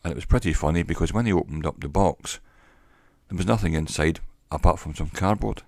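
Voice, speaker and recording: A man, a former salesman, telling a wry story to camera in a slow, deliberate way on a cheap microphone. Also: deep voice, gravelly, no room sound, clean studio sound. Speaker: vlogger. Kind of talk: casual monologue to camera.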